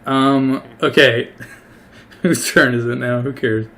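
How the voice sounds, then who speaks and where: Gravelly casual game master man. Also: medium pitch, steady tone, takes it slowly, sharp tone. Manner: casual, hesitant with many fillers. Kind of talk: narrating a tabletop game.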